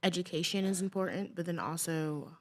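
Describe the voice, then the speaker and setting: A woman's voice: fairly low pitch, a little fast. A woman city councilmember asking staff questions at a council meeting, thoughtful and hedging with frequent "like".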